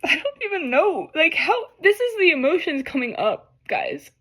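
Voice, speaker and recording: A woman doing an emotional tarot reading for the camera, talking in halting, apologetic bursts and tearing up. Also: very high-pitched, big pitch swings, fairly bright tone. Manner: tearful, overwhelmed, halting and apologetic. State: crying at times. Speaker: tarot reader.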